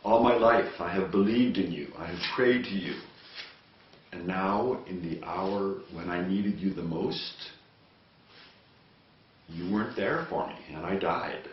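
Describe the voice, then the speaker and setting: A man voicing a devout elderly woman who turns down help with slow, firm calm, recorded from a distance in an echoey space. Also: low-pitched. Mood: aggrieved. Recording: distant, echoey, muffled with faint hiss.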